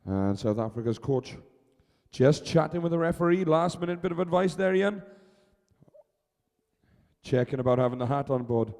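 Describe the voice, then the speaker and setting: Male arena announcer, mellow voice with long PA reverb, brisk and chatty live race calls. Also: on the high side, animated, creaky. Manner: brisk, chatty, urging and teasing. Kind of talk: live sports commentary over a public address.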